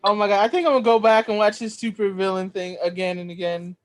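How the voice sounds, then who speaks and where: A woman's voice: mid-range voice, fairly even intonation, fast talker. A woman chatting on a video call, enthusiastic and laughing often. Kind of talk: casual video call chat.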